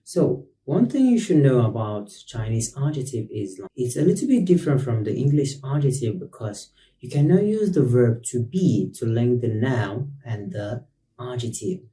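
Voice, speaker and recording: A man teaching a beginner language lesson as the host. He explains patiently and repeats each word slowly. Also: medium pitch, lively intonation, dark tone. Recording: roomy echo, distant mic.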